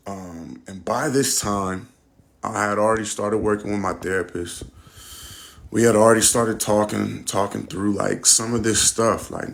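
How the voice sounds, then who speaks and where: A man's voice: lowish voice, fairly even intonation, measured pace, vocal fry. A young man hosting a podcast, telling a personal story casually, with candid, reflective talk and plenty of swearing. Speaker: podcast host.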